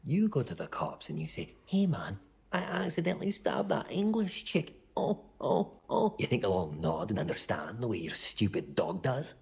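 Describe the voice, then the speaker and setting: A man's voice: mid-range voice, sing-song, moderate pace, vocal fry, darkish tone, slightly rough, full character voice. A man voicing a foul-mouthed, scheming male pet cat in a Scottish accent, sneering and cutting. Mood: scornful.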